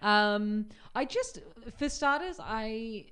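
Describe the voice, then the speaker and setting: Female radio co-host, smooth clear voice, giggly banter. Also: fairly high pitch, lively intonation, slow pace, fairly bright tone.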